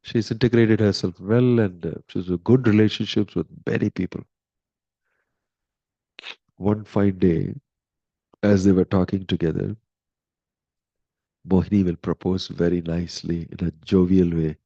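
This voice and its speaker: A man, a monk and spiritual teacher, retelling a sacred story in a conversational, animated way. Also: deep voice, normal speed, creaky, long pauses, no room sound, lo-fi sound. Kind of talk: storytelling sermon.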